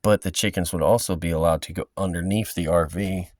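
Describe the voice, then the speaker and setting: A man's voice: low voice, steady tone, a little fast, darkish tone. A man talking casually to camera in a loose, chatty vlog, outdoors by an RV in the desert, full of fillers and asides. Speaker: vlogger.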